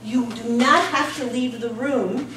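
A woman with a fairly high voice runs the session briskly and reassuringly. She is heard from a distance in an echoey room. Steady background noise runs throughout. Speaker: evening's meeting leader. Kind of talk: running a practice seminar. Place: meeting room at a college.

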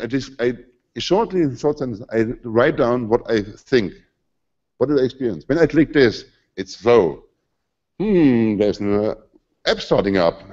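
A man's voice: mid-range voice, a little mellow, muffled recording. German-accented man giving a conference talk. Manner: conversational, emphatic, slightly non-native phrasing. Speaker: conference speaker. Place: conference hall.

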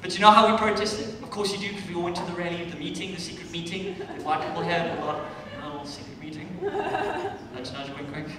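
High-voiced South African comic in an echoey club. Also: male voice, steady tone, quick pace, few pauses. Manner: loud, swearing, bursts into shouted punchlines. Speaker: stand-up comedian. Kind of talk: stand-up comedy set. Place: comedy club stage with a laughing crowd. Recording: echoey club room taped from a distance.

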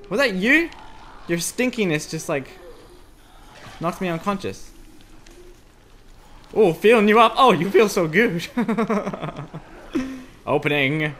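Excitable high-voiced male gamer, bright tone. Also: takes it slowly, long pauses. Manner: excitable, yelps and squeals when scared. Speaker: gameplay commentator. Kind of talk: let's play commentary. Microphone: desk USB microphone.

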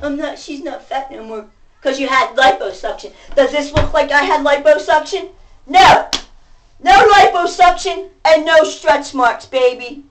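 A woman venting to camera in a profane rant, going from shouting to muttering. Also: sits high, measured pace. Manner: profane, ranting, swings between shouting and muttering. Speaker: vlogger. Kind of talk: angry venting monologue. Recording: voice distant from the mic.

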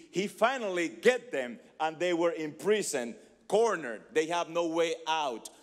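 A pastor preaching in a large hall, his high, light voice ringing out with a long reverb tail. He is a man with who hammers points through repetition and rhetorical questions. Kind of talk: sermon.

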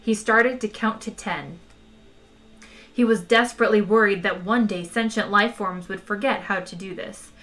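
A woman reads a novel aloud to her listeners in a relaxed, chatty way. Her voice sounds worn out. The tone stays bright and crisp. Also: medium pitch, normal speed. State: tired voice. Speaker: audiobook reader. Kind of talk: casual reading of a novel aloud.

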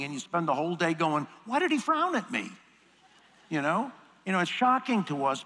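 A man's voice: sits high, fairly bright tone. A man speaking at a workshop, telling a family story with self-deprecating humor and acting out the dialogue. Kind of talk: storytelling talk. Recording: long hall reverb.

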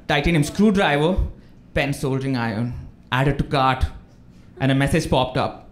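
On a comedy club stage before a live audience, a young Indian stand-up comedian with a slightly high, expressive voice performs at a moderate pace. He laughs through his jokes and acts out his phone calls. The room is echoey, and the crowd's laughter is loud.

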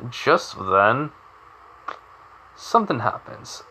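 A man's voice: medium pitch, lively intonation, slow, long pauses, bright, forceful tone, a little hiss or hum. A young man casually retelling a fan story with lots of fillers, like and you know.

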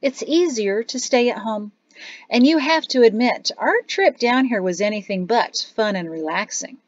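Steady, sober mother, read by a woman. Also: fairly high pitch, normal speed, dry recording, pitched above the performer's own voice. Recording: dry, slightly dull studio audio.

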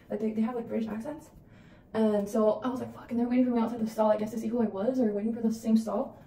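A woman's voice: a little high, quick pace, distant mic, background noise. Chatty young woman in an echoey room. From El Paso, Texas. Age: 20s. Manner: chatty, animated, swears freely. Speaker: vlogger. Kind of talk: casual get-ready-with-me storytelling.

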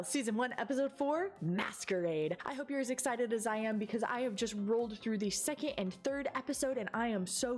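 Animated young woman reacting to a show. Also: a little high. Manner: animated and chatty, quick exclamations. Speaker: VTuber reaction host. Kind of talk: casual reaction commentary.

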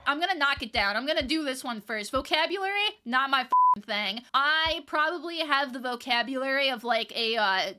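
A woman giving loud, profane, comedic gameplay commentary, swearing constantly and shouting at wins and losses. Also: high voice, noisy background. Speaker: gaming video creator.

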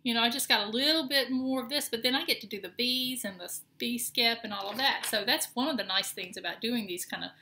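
Middle-aged woman, Southern accent, bright tone, rambling casual show-and-tell. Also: a little high, quick pace, hardly any pauses, slight background noise. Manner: chatty, rambling, with many ums and restarts. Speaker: cross-stitch vlogger.

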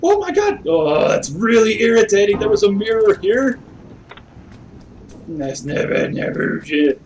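A man's voice: high voice, a little slow, recorded from a distance, slight background noise, low-quality recording. A man giving let's play commentary on a horror game, talking to himself, humming along and yelping when scared. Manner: excitable, talks to himself, hums along, yelps when scared. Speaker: gamer playing a horror game. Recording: voice a bit off-mic over clear game music.

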